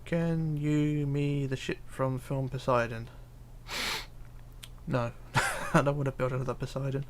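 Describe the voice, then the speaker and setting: A man's voice: medium pitch, little pitch movement, unhurried, slight background noise. A man streaming live, reading viewer comments aloud and muttering to himself as he builds, with hesitant fillers. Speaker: livestreamer. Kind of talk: casual live stream chat while building.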